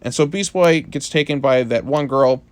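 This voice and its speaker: A man's voice: medium pitch, normal speed, dry recording. A man reviewing a comic book issue in a casual, rambling monologue full of fillers.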